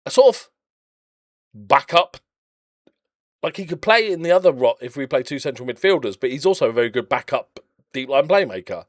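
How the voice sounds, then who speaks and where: Lively, rambling man commentating a game. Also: mid-range voice, normal speed, long pauses, dry recording, studio quality. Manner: chatty, rambling, jokey and blunt, prone to rants. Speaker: game channel host. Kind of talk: casual gameplay commentary.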